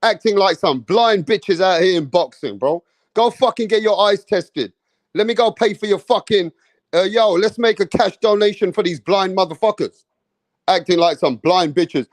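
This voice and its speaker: A man's voice: high voice, animated, normal speed, no room sound. A man giving an angry, mocking, profane rant about a boxing match, full of slang. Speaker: boxing commentator.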